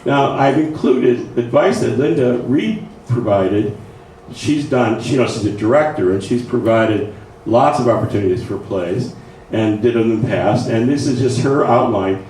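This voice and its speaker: A man's voice: mid-range voice, measured pace, a little mellow. A man presenting a writing workshop in a conversational lecture style, often checking in with his listeners. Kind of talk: informal lecture to a writing group. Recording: echoey room, faint noise, mic far off.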